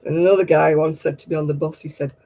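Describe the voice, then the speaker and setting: A woman's voice: low voice, steady tone, quick pace, dark tone, low-quality recording. A woman hosting a livestream craft night, who chats casually, tells stories and laughs at herself often. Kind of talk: casual chat.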